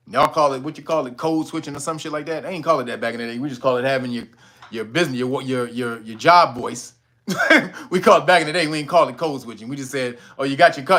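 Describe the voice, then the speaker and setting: Blunt, profane man with a lively bright voice. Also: fairly high pitch. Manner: blunt, profane, mocking, breaks into laughter. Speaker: channel host. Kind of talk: casual commentary vlog.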